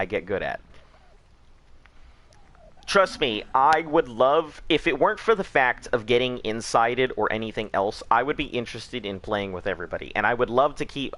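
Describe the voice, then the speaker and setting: A man with a fairly low voice streams a video game in a laid-back, rambling way. He swears casually and keeps answering chat as he plays. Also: a bit bright, dry recording. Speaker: gaming streamer.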